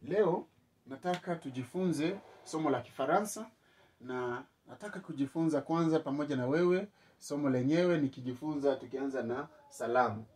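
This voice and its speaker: A man teaching a spoken language lesson, repeating words slowly for learners to echo back. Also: a little high, darkish tone, distant mic. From East Africa.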